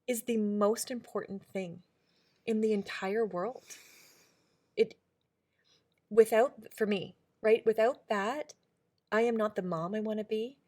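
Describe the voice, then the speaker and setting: A middle-aged woman co-hosts a reflective podcast chat. She speaks earnestly and with emphasis, often restarting her sentences. Her voice sits at an ordinary pitch. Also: unhurried, pauses often, a little mellow. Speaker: podcast co-host.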